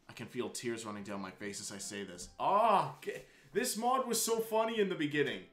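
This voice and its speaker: A young man streaming a visual novel game, reading it aloud with excitable asides, laughter and swearing. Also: mid-range voice, a little fast, faint music behind. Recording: roomy echo.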